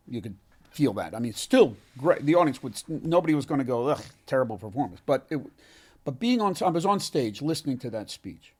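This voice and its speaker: A man, an actor being interviewed, telling a heartfelt story in an earnest, halting way with many restarts. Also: fairly high pitch, a little mellow. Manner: halting, frequent restarts and self-corrections. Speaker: actor, podcast guest.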